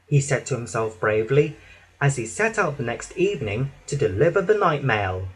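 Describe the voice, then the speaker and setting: A man narrating a children's storybook with an expressive, dramatic reading. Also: medium pitch, normal speed, slightly rough.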